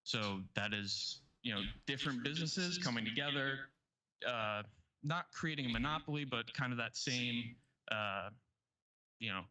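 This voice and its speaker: A man's voice: medium pitch, animated, unhurried, pushed and bright, rough recording. A man with a nasal voice explaining an idea in a replayed conversation, leaning on "you know" fillers. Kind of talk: conversation replayed from an earlier recording.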